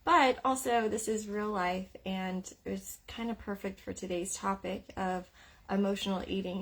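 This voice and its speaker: A woman's voice: medium pitch, steady tone, a little slow, a bit bright. A woman coach hosting a casual live stream, candid and a little emotional after crying, with frequent fillers. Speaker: eating psychology coach.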